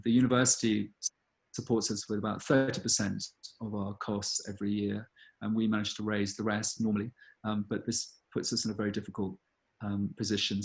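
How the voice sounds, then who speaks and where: A man, a gallery director answering audience questions in an earnest, thoughtful way with many pauses and ums. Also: lowish voice. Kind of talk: live online Q&A talk.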